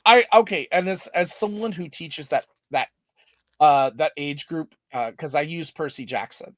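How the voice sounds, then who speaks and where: Higher-voiced man, an eager teacher. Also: unhurried, dry recording. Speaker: teacher, guest. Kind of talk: casual chat.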